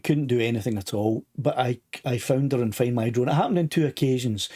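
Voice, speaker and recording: A man's voice: medium pitch, fairly quick, warm tone. An older Scottish man with a Scottish accent and a slightly sore throat, rambling chattily as he hosts a live stream and reads out viewer comments. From Scotland. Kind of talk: casual live stream chat.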